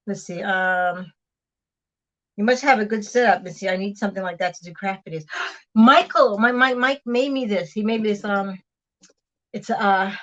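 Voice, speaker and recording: A woman's voice: medium pitch, normal speed, a bit bright, lo-fi sound. A middle-aged woman hosting a casual livestream, reading viewer comments aloud and chatting while she chops vegetables, laughing often and sometimes talking with food in her mouth. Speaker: vlog host reading live chat.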